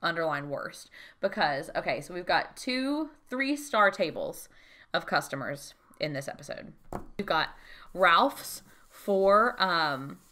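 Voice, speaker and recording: A woman's voice: fairly low pitch, lively intonation, takes it slowly, bright, forceful tone. A woman co-hosting a podcast, chatting casually and acting out quotes in put-on voices. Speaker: podcast co-host. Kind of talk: casual chat recapping a show.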